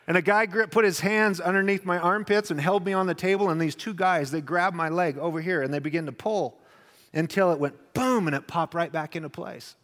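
Animated preacher in a reverberant hall. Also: male voice, sits high, brisk. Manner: animated storyteller, acts out voices. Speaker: pastor. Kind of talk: sermon with personal stories.

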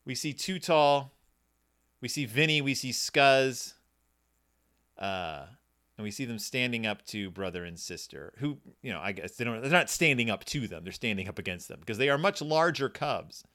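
A man's voice: medium pitch, lively intonation, normal speed, pushed and bright. A man hosting a podcast and chatting casually about a children's book in a playful, jokey way. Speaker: podcast host.

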